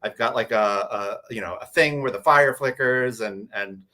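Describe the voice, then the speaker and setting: A man's voice: on the low side, normal speed, bright, forceful tone. A man on a convention panel, animatedly telling a tabletop game story with many restarts. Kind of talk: casual panel chat.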